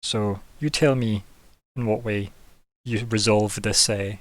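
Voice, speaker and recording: A man's voice: on the low side, fairly even intonation, takes it slowly, no room sound. Casual male game master, asks players for their moves, laughs a lot, dry close mic. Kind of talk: narrating a tabletop game.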